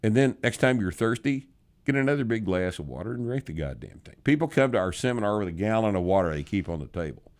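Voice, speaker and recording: A man's voice: lowish voice, animated, fast talker, a little mellow. An older man hosting a podcast Q&A, answering listener questions in a blunt, sardonic way with some swearing. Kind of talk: casual podcast Q&A.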